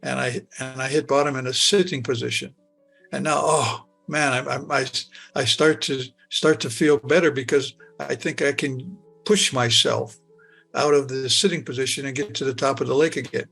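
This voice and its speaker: Older man in his 80s, gravelly, stumbling restarts, soft music under him. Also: medium pitch, steady tone. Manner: halting, stuttering with many restarts. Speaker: near-death experience survivor. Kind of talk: personal recollection.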